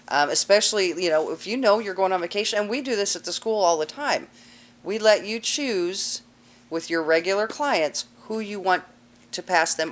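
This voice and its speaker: A woman teaching a cosmetology class in a casual, chatty lecture with lots of fillers. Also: deep voice. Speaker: cosmetology instructor.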